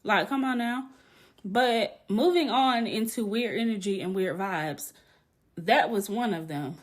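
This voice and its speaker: A woman hosting a casual podcast, telling a story in an animated, blunt way, laughing often and swearing casually. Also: mid-range voice, unhurried. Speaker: podcast host.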